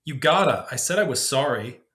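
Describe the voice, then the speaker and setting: A man's voice: on the high side, animated, moderate pace, bright, forceful tone. A man doing a lisping sulky tween boy. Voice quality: lisp. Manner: sulky, trying to sound uninterested. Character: petulant tween boy with a lisp.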